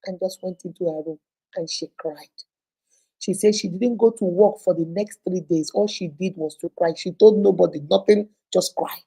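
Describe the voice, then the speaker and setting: Gravelly Nigerian woman telling a story. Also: fairly low pitch, moderate pace, poor audio. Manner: expressive, heartfelt retelling with pidgin touches. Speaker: host of a viewer advice show. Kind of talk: emotional storytelling to viewers.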